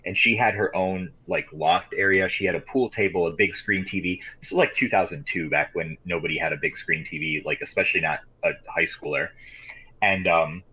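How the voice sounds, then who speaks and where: A man's voice: low voice, brisk, bright, forceful tone, slightly rough. A man from Michigan, co-hosting a podcast in casual chat, rambling with many fillers and swearing freely. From Michigan, USA. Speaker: podcast co-host. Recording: dull lo-fi podcast audio.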